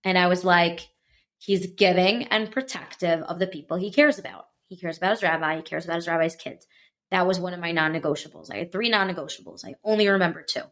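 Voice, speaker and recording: Animated woman telling a story. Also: fairly low pitch, fast talker. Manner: animated, acts out quoted voices. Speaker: guest. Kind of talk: casual storytelling chat.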